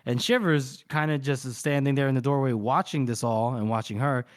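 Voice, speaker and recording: A man's voice: mid-range voice, a little fast. Man co-hosting a book podcast. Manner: retells the plot in a loose conversational way. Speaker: podcast co-host. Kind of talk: casual book discussion.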